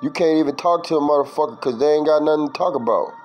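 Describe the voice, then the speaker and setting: A man with a fairly high voice talks fast through an informal scripture study, reading verses and definitions in a street-style, profane way and ending lines with "man." The sound is lo-fi, with soft music in the background.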